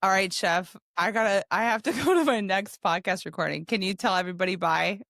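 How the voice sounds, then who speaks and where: A woman's voice: mid-range voice, a little fast, a bit bright, no room sound, studio quality. Giggly woman podcast host. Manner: giggly, plays along. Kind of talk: casual chat.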